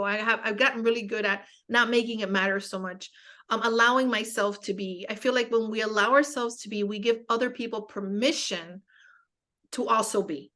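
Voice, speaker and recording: A woman's voice: mid-range voice, pushed and bright. A young woman speaking as a guest in a casual spiritual conversation, telling stories candidly with self-mocking humor and many fillers.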